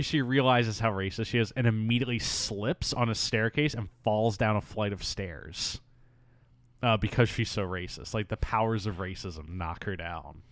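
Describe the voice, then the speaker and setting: Low-voiced guy recapping a movie, sarcastic, lots of ums, dead dry sound. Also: moderate pace, fairly bright tone, no room sound. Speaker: co-host. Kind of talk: casual movie recap chat.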